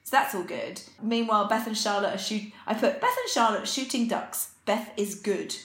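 A woman chats casually as a podcast co-host, walking through an episode from her notes with lots of ums and likes. Her voice sits at an ordinary pitch and carries a noticeable roomy echo. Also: normal speed, a bit bright. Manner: chatty, recaps from her notes with filler words. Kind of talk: casual chat recapping a TV episode.

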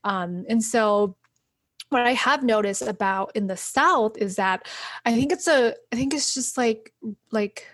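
A woman's voice: fairly high pitch, a little slow, no room sound. A woman in her thirties talking casually in an interview, chatty and full of fillers and restarts. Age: 30s.

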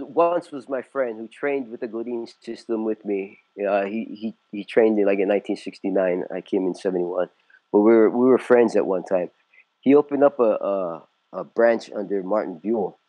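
Low and warm, this man's voice comes through a rough, echo-free recording as he rambles through his story. He's a Californian martial arts instructor in his sixties, a guest in a casual interview full of fillers and restarts.

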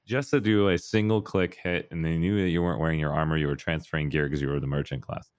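A man in casual podcast chat, telling stories with lively jumps into a high voice when acting out scenes. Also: fast talker, clean tone, dry recording, studio quality. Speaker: podcast co-host.

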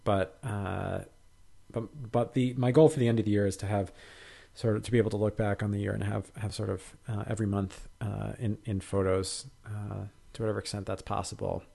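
A man with a lowish voice co-hosts a podcast in easygoing conversation. He talks haltingly, stopping and restarting his sentences and leaning on lots of fillers. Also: little pitch movement, vocal fry, warm tone, husky. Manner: hesitant, many fillers and restarts. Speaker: podcast co-host. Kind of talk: casual chat.

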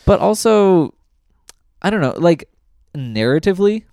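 A man co-hosting a podcast, chatting casually and giving opinionated takes with quick asides. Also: high-pitched, very animated, vocal fry, darkish tone, no echo, studio quality. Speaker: podcast co-host. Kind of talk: casual chat.

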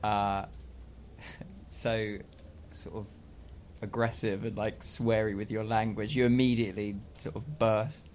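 A man's voice: on the low side, level tone, takes it slowly, pauses often, a little mellow, slight background noise. A man co-hosting a live interview, asking questions hesitantly with many fillers and restarts. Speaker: podcast co-host interviewing a comedian. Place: live venue at a comedy festival.

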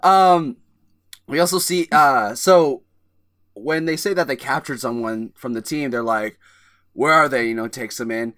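A man's voice: medium pitch, a little slow, fairly bright tone. A man co-hosting a casual movie podcast, recapping scenes in a rambling way with frequent restarts. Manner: rambling, restarts, laughs often. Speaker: podcast co-host.

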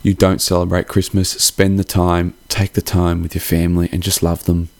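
A man's voice: sits low, flat delivery, moderate pace, no room sound. A young man hosting a podcast. He gives a casual, heartfelt holiday sign-off that rambles and swears freely. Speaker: podcast host.

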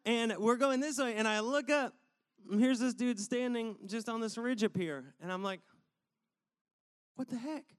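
A man telling a personal story to a live audience in a sermon-style talk, animated and conversational with loose filler words. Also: very high voice, normal speed, clear, resonant tone. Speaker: speaker addressing an audience.

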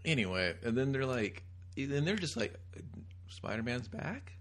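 A man's voice: mid-range voice, lively intonation, normal speed, a bit bright, slight background noise. A young man co-hosting a comics podcast in laid-back, joking chat, with plenty of swearing. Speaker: podcast co-host. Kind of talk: casual chat.

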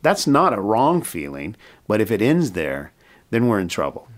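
A man's voice: on the low side, huge pitch swings, moderate pace. A middle-aged American man, a mission leader, telling a personal story in an interview and acting out the dialogue. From United States. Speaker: mission president, guest.

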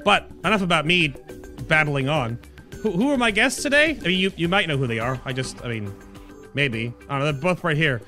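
A man's voice: a little high, lively intonation, brisk, sharp tone. A man hosting a podcast in casual chat, rambling and chatty, often restarting his sentences. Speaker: podcast host. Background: background music.

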